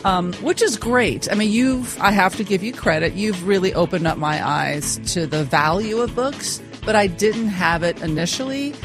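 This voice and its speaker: A woman's voice: mid-range voice, normal speed, hardly any pauses, over music. A woman co-hosting a podcast in casual chat, telling stories with frequent laughs. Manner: chatty, laughing storyteller. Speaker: podcast co-host.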